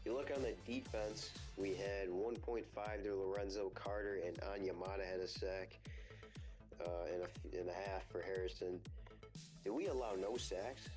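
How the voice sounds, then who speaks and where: A man giving excitable play-by-play commentary on a football video game, breaking into loud exclamations. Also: low-pitched, normal speed, music in the background, poor audio. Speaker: gaming video host.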